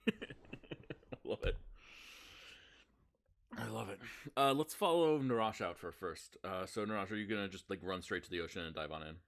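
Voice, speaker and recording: A man with a low, deep voice runs a tabletop game as game master. He talks in a loose, rambling way, full of likes and uhs. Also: moderate pace, vocal fry, long pauses. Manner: relaxed, rambling with many fillers.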